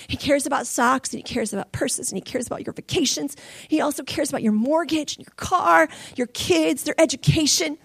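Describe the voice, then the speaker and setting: High-voiced woman telling a lively testimony. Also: brisk, creaky, no room sound. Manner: animated storytelling, laughing and crying through stories. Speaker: preacher. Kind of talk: sermon testimony.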